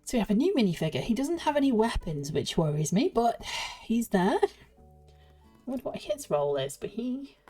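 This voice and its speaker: A woman's voice: on the high side, sing-song, normal speed, dark tone, husky, soft background music. A woman chatting and giggling to herself while building a Lego set, slightly out of breath. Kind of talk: casual build commentary.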